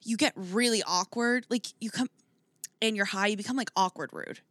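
Bright rambling podcast woman. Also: mid-range voice, moderate pace, no room sound, clean studio sound. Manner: rambling, many "like" fillers, swears freely. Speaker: podcast co-host. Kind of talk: casual chat.

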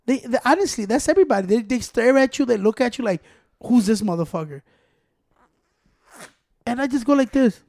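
A man's voice: very high voice, lively intonation, fast talker, vocal fry, few pauses, a little mellow, dry recording. A man in casual chat, mixing in Spanish slang and swearing a lot. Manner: switches between English and Spanish slang, profane.

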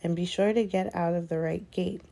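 A woman's voice: lowish voice, steady tone, moderate pace, gravelly, dark tone. A woman voicing a fussing, anxious middle-aged witch and mother, in a read-aloud story. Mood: fretful.

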